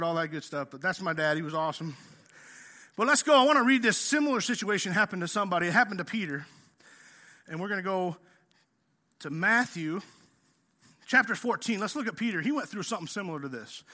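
A male pastor preaching a sermon in a casual, energetic way, acting out the story as he tells it. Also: high-pitched. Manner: energetic, casual preaching, says "man" often; acts out the story.

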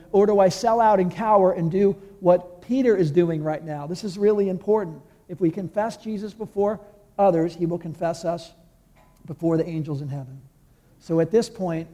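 A man preaches with rising passion, his voice high but dark and mellow in tone. His words ring out with a long reverb trailing through the hall. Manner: impassioned, acts out quoted voices. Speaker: pastor. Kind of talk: sermon. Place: church hall.

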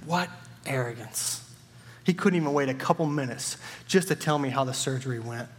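A man voicing an angry, frantic father of a sick boy, shouting and indignant. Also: medium pitch, moderate pace, in a large hall, natural voice. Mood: bitter.

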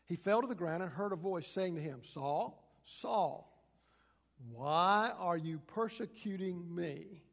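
A man's voice: high-pitched, lively intonation, slow pace, vocal fry. A man preaching a sermon, reading scripture aloud dramatically and acting out the quotes. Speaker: pastor. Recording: long hall reverb.

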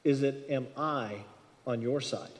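A man preaching a sermon, animated, acting out dialogue and swinging between loud and soft. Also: mid-range voice, a little slow, slight background noise. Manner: animated, acts out dialogue with shifts in loudness. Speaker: pastor. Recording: long reverb of a hall.

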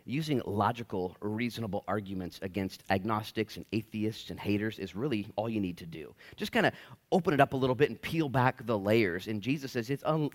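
A man's voice: fairly low pitch, a bit bright. A male pastor preaching a casual verse-by-verse sermon in a church, slangy and acting out quoted voices.

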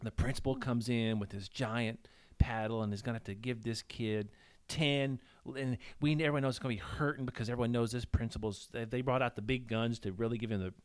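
A man hosting a podcast, telling a story in casual chat with halting restarts. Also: mid-range voice, steady tone, smooth. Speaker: podcast host.

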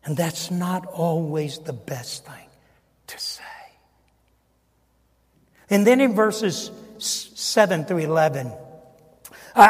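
Older high-voiced preacher, echoing church hall. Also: male voice. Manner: dramatic swings from booming emphasis to hushed, near-whispered asides. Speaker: pastor. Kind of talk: sermon. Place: church sanctuary.

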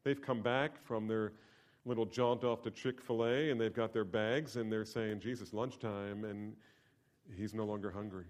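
A male pastor preaching a sermon, asking rhetorical questions and moving from quiet lines to emphatic ones. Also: fairly low pitch, fairly even intonation, moderate pace.

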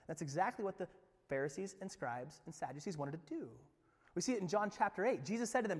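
A pastor preaching a sermon, swinging between loud emphatic lines and near-whispers, repeating words as he presses a point. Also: sits high, big pitch swings, brisk. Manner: repeats words and restarts phrases when emphatic. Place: church sanctuary. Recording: long hall reverb from a church room.

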